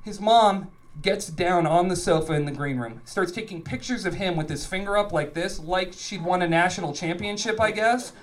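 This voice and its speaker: A man's voice: sits high, normal speed, few pauses. A man in his thirties telling a funny personal story on stage in a loose, rambling, profane way. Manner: loose, profane, rambling delivery with acted-out quotes. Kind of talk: live comedic storytelling.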